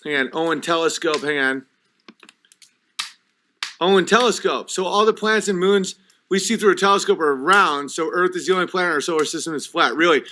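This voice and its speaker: A man's voice: high-pitched, a little fast, pushed and bright. Agitated, swearing man on a livestream. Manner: agitated, profane, reading chat comments aloud. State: has been drinking. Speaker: livestream host. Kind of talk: ranting livestream chat.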